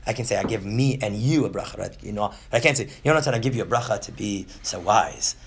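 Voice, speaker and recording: A man's voice: on the low side, gravelly, slight background noise. A man in his thirties teaching a class on Jewish texts, who keeps checking in with "right?" and acts out short voices. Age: 30s. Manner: animated, often asks "right?", acts out quick voices. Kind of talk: lively lecture to a class.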